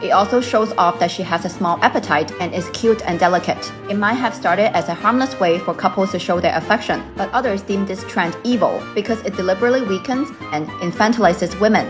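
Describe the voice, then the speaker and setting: Female explainer narrator, steady delivery, music bed behind. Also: medium pitch, fairly quick, hardly any pauses.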